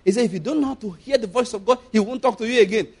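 A man with a Nigerian accent preaching a sermon, animated, asking rhetorical questions and chuckling often. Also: high-pitched, very fast, husky.

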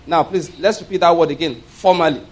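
A man's voice: on the high side, brisk, darkish tone. A man preaching a sermon as pastor. He reads scripture aloud, explains it line by line, and has the congregation repeat words back. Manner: leads the congregation in call-and-response; asks "all right?" as a check-in.

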